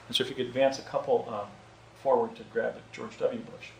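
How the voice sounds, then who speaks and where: A man in his fifties telling a personal story in casual speech, halting and often repeating words. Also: mid-range voice, little pitch movement, vocal fry, poor audio.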